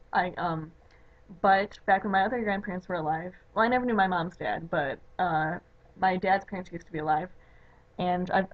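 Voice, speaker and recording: A young woman from the Chicago area with a Chicago accent, chatting casually in a home video, rambling with lots of "like" and "you know". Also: lowish voice. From Chicago area, USA. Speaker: vlogger. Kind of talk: casual chat. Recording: dull lo-fi webcam audio.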